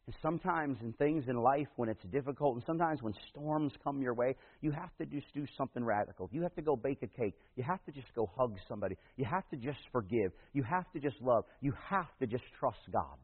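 A man, a pastor, preaching a sermon. He tells a story from his church and builds to loud, emphatic peaks. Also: medium pitch, animated, fairly quick, hardly any pauses, husky, big-room sound. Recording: tinny phone-like sound.

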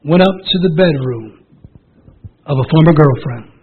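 Hoarse, emotional man preaching a sermon. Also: on the high side, normal speed, narrow, tinny audio. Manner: emotional, repetitive, rising to shouted calls.

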